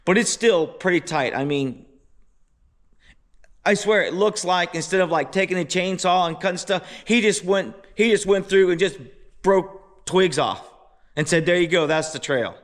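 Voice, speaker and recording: Man, high voice, casual storytelling, animated, exasperated. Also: moderate pace. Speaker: motorbike vlogger.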